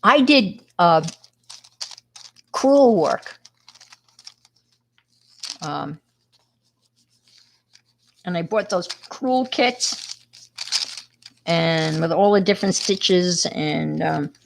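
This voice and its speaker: A woman's voice: lowish voice, animated, extremely slow, vocal fry, pauses often, noisy background. A middle-aged woman with a New York accent, chatting casually with viewers on a crafting livestream and greeting them by name.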